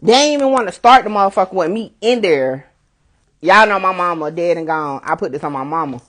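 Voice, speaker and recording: A woman blogger telling a story in a casual, animated way, swearing freely and repeating phrases for emphasis. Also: fairly low pitch, brisk.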